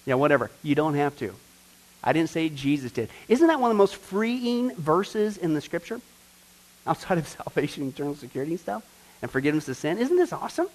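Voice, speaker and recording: Man, pastor teaching Bible study, high voice, lively, jokey, acts out quotes. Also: fairly quick, low-quality recording.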